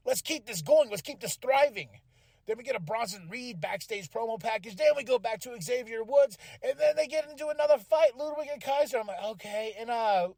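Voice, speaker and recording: A man's voice: high-pitched, no room sound, studio quality. A man hosting a podcast, casually recapping a wrestling show, swearing freely and acting out the wrestlers' lines. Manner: animated, swears freely, acts out quotes. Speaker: podcast host.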